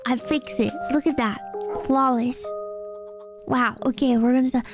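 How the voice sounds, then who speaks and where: A young woman VTuber streaming a block-building game, chatting casually with viewers, giggling often and breaking into excited squeals. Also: high voice, a little slow, over music. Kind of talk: casual gaming stream chat. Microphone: binaural dummy-head mic.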